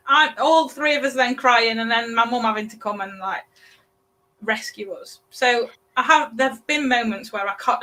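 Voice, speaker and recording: A British woman in her thirties, a parenting coach chatting as a guest, talking in halting bursts with many restarts. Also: a little high, sharp tone. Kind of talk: casual podcast interview.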